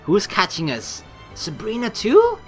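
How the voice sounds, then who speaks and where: A woman's voice: mid-range voice, wildly swooping pitch, a little slow, faint music behind. Chatty woman doing let's play commentary. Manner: chatty, joking, swears casually.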